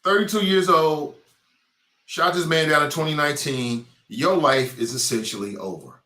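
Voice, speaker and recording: Blunt streetwise talk show host. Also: male voice, a little high, moderate pace, pushed and bright, echoey room. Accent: Cincinnati. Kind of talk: casual opinion monologue.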